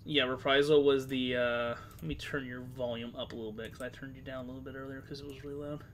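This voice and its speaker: A man's voice: mid-range voice, fairly even intonation, fast, noisy background. A man with a slightly sore throat chatting casually and rambling as the game master of an online tabletop game, swearing now and then. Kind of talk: casual game stream chat.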